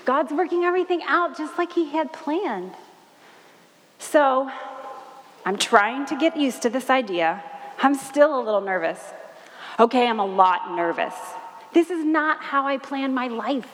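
A woman's voice: high voice, expressive, a little slow. A woman playing Mary, an anxious, wide-eyed young woman, in a breathless, questioning first-person monologue. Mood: reflective. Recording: reverberant hall.

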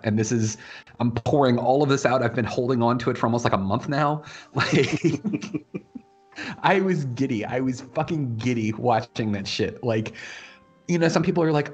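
A man hosting a casual geek podcast, ranting excitedly, swearing freely and laughing often. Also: mid-range voice, husky. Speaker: podcast host.

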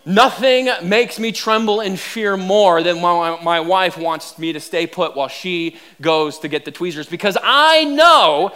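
A man preaching a sermon as pastor, telling funny self-deprecating stories with animated delivery. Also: sits high, a little slow, hardly any pauses.

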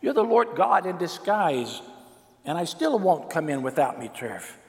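A man's voice: mid-range voice, very animated, moderate pace, close to an everyday voice. A man voicing a proud, stubborn old king, recorded in a long-reverb hall. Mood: defiant.

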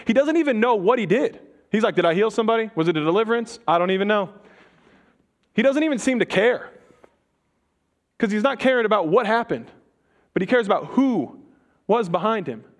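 A man preaching a sermon, retelling a story with dramatic pauses and humor. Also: high-pitched.

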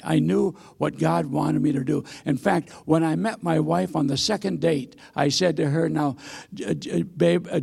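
A man's voice: on the high side, gravelly, a little mellow, husky. A man in his eighties, a missionary preacher, giving a sermon in a church with folksy, self-deprecating stories and frequent hesitations. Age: 80s. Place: church sanctuary.

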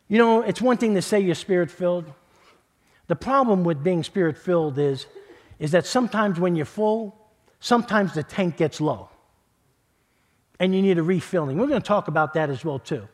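A middle-aged male pastor from New York telling a personal story in a sermon, talking conversationally, repeating words and sometimes dropping to a hushed voice. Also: high-pitched. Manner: conversational, repeats words, builds then drops to a hush.

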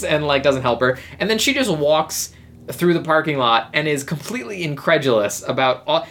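A woman's voice: sits low, moderate pace. A woman co-hosting a podcast, chatting casually through a movie recap and acting out quoted lines. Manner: animated, acts out quoted lines. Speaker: podcast co-host.

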